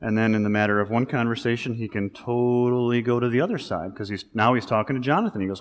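A male pastor giving a sermon, talking in a conversational, animated way that rises into emphasis. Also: medium pitch, fast. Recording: long reverb of a large hall.

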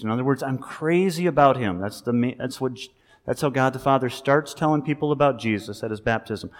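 Man, pastor, conversational preaching, lively emphasis, echoing sanctuary. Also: medium pitch, a little fast. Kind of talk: sermon. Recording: long reverb of a large hall.

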